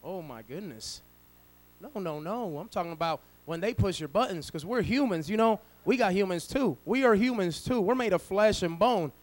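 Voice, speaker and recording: A man preaching a sermon as pastor, swinging from loud to hushed and acting out quoted voices. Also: high voice, expressive, normal speed, low-quality recording.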